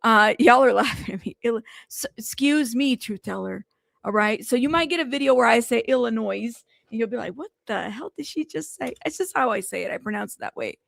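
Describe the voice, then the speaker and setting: A woman's voice: fairly high pitch, animated, fairly quick, creaky. A woman hosting a casual news livestream, chatting with her live chat and using a lot of fillers. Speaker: news show host.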